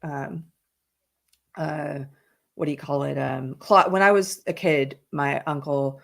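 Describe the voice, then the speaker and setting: A chatty woman hosts a live stream, rambling through stories and answering comments from her chat. Her voice sits low for a woman, and she laughs easily as she talks. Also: fairly even intonation, takes it slowly, gravelly. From South Carolina, USA. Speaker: livestream host. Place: indoors while traveling. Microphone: headphones in, computer mic.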